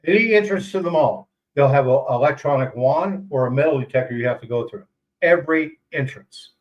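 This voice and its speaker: A man's voice: fairly high pitch, highs cut off. An older man, a retiree, chatting casually and rambling on a livestream, chuckling often. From United States. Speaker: retiree vlogger.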